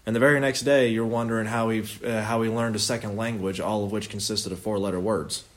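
A man's voice: fairly low pitch, steady tone, quick pace. A young man leading an informal Bible study in a conversational, earnest way, often correcting himself mid-sentence.

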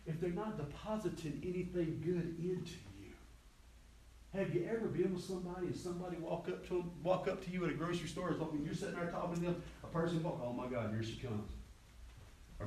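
A middle-aged male pastor, preaching in a folksy, storytelling way that slips into quoted voices. His voice sits a little high for a man. The sound is roomy and comes from somewhat far off the mic, as in a church hall. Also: quick pace, mellow, slight background noise. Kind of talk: sermon. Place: church sanctuary. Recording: echoey hall, distant mic.

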